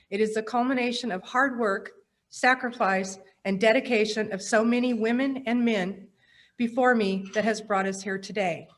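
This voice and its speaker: A woman's voice: a little high, a bit bright. Humbled woman giving a heartfelt acceptance speech. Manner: heartfelt, humbled, a little choked up. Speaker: incoming chapter president. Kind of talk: acceptance speech at an awards program.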